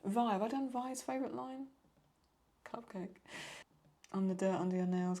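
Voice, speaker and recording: A woman's voice: medium pitch, normal speed, long pauses, dark tone. A woman chatting casually as a video host, rambling through viewer questions and often stopping to apologize or paraphrase. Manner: rambling, paraphrasing lines, apologizes for getting stuck. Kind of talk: casual chat.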